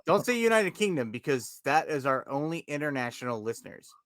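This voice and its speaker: A man's voice: on the high side, brisk, dry recording, studio quality. A man hosting a casual podcast, speaking animatedly into a podcast microphone and poking fun at himself. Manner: animated, self-deprecating, talks to listeners. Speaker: podcast host. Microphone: podcast microphone with headphones.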